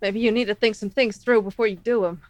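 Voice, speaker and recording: A woman playing a tabletop game, talking in an animated, exclaiming way. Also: mid-range voice, fast talker, no room sound. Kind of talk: in-character chat.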